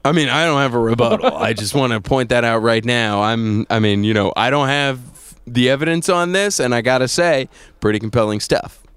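A man's voice: mid-range voice, fairly quick, fairly bright tone, clean tone, no room sound. A man on a comedy podcast, trading dry, playful banter in casual chat. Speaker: podcast guest.

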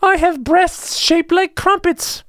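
A man putting on a comic high falsetto voice as a prissy queen. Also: fairly even intonation, takes it slowly, sharp tone, dry recording, clean studio sound, exaggerated voice. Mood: mock alarm.

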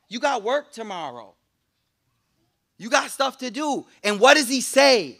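A young man giving a lively, casual sermon to a live audience, joking and using slang, and reciting Arabic quotations quickly. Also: very high voice. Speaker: Islamic lecturer.

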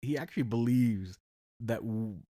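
A man's voice: mid-range voice, moderate pace, warm tone, dry recording, clean studio sound. A man co-hosting a casual podcast chat, sarcastic and profane, laughing often as he talks.

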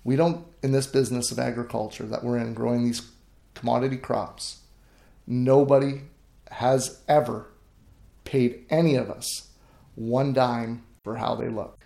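With a warm, medium-pitched voice touched by vocal fry, a man speaks a little slowly and with little pitch movement. In an echoey room, this middle-aged grain farmer tells interview stories earnestly and emphatically, repeatedly restarting sentences.

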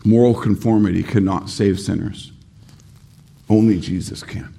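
A male pastor preaches with a low, mellow voice. He speaks earnestly and leans into key words by slowing down. His tone is warm and rounded. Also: steady tone, gravelly. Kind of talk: sermon.

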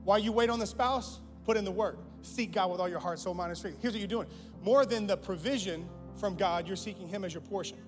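A man with a notably high voice preaches a sermon from the pulpit. He repeats his lines and surges to loud declarations before dropping to a hush. The sound carries a long church reverb with music playing underneath. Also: brisk. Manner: impassioned, repeats phrases, rises to loud declarations then drops low. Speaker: guest pastor. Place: church sanctuary.

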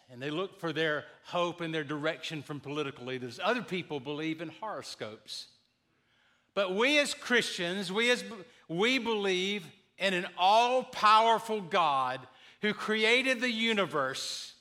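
A man with a high, bright voice delivers a sermon from a church sanctuary. He moves between easy storytelling and emphatic, rising declarations of faith. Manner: warm storytelling, builds to emphatic preaching. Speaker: pastor. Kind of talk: sermon with jokes.

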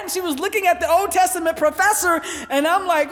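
Animated woman pastor preaching in a church. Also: extremely high pitch, fast, few pauses, big-room sound. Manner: animated, storytelling, calls out to the congregation. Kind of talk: sermon. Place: church sanctuary.

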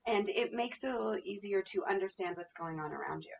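A woman interviewer talking in a measured, reflective way in casual chat. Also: medium pitch, gravelly, slightly rough. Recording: dull lo-fi audio.

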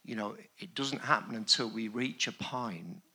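An earnest man in a church congregation adds his thoughts to a discussion. His voice is low but sharp and bright in tone. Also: moderate pace, slightly rough. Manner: earnest, affirming. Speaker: congregation member. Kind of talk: group discussion.

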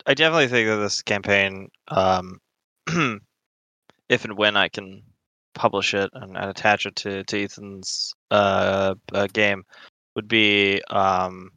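A man with a bright, crisp voice, talking hesitantly about a campaign he wrote, with many fillers and restarts. He sits close to the mic in a dry, dead room. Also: on the low side, fairly even intonation, a little slow, no room sound, muffled recording. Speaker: campaign author and game master. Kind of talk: casual discussion.

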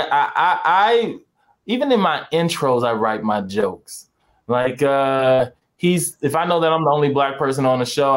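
A man who does stand-up comedy, chatting casually and acting out quotes in lively voices. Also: mid-range voice. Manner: animated storyteller acting out voices. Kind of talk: casual podcast chat.

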